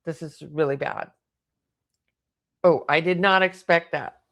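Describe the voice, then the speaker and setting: A woman's voice: low voice, measured pace, fairly bright tone. A woman reading tarot cards aloud, thinking aloud and exclaiming as the cards turn up. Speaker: tarot reader.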